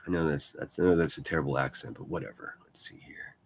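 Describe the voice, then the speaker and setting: Fast and husky, a bass-voiced man hosts a daily news livestream. He comments casually on news clips, rambling through the stories with repeated words and an occasional swear word.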